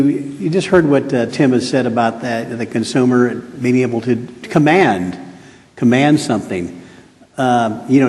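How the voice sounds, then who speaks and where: Male moderator, mid pitch, chatty and joking, reverberant hall. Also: a little mellow. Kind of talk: moderating a panel.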